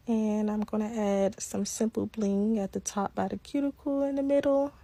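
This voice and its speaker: A woman casually narrating her nail-making process in a relaxed, unhurried way. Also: fairly high pitch, no room sound. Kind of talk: casual nail tutorial voice-over.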